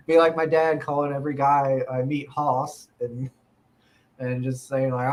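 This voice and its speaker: A man from the American South chatting on a podcast, rambling along with plenty of filler words. His voice sits at an ordinary middle pitch. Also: flat delivery, normal speed, darkish tone. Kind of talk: casual chat.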